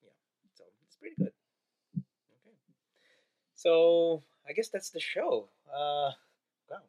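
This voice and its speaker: A man hosting a podcast in casual chat, lively and often restarting his sentences. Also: fairly high pitch, slow, low-quality recording. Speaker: podcast host.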